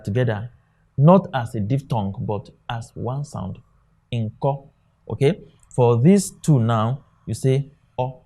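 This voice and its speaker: A man's voice: mid-range voice, dark tone. A man teaching an exam-prep lesson, often asking a question and answering it himself. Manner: drilling, asks questions then answers them himself. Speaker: English tutor.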